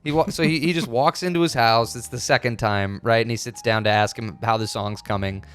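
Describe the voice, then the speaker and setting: A man's voice: medium pitch, steady tone, fairly quick, fairly bright tone, smooth. A man co-hosting a casual movie podcast, laid-back, swearing and trailing off as he hunts for names. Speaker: podcast co-host.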